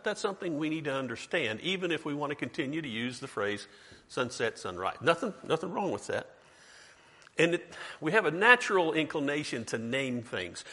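A man's voice: on the high side, sharp tone, breathy edge. A man preaching a sermon in a conversational way, quizzing his congregation and slipping in joking asides. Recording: long hall reverb.

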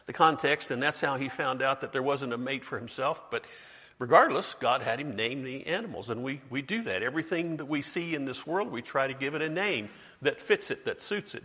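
A man's voice: mid-range voice, sharp tone. A man preaching a sermon in a conversational way, quizzing his congregation and slipping in joking asides. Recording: long hall reverb.

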